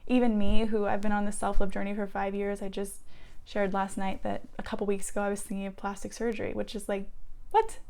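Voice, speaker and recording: A woman coaching listeners through a guided self-love talk, gentle and earnest, dropping now and then to soft whispers. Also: medium pitch.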